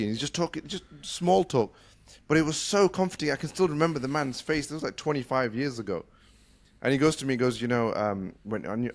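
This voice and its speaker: A middle-aged man from the UK, hosting a casual conversation and telling a story fast, with lots of restarts. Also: medium pitch. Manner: fast-talking, full of restarts. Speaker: podcast host.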